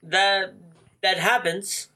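On a low-quality recording, a man co-hosts a podcast in casual chat, drawing out his words and leaning heavily on "like." He rambles animatedly and jumps into higher voices when quoting people.

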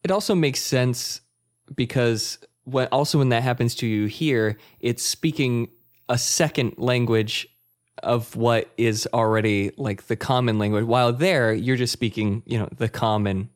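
A man's voice: medium pitch, measured pace. A man hosting a podcast in casual chat, talking straight to listeners and teasing his co-host. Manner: chatty, teasing, talks to listeners.

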